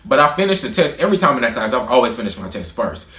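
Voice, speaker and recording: A young man in his twenties telling a storytime vlog, animated, profane and boastful. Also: medium pitch, very fast. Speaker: vlogger. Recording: roomy echo.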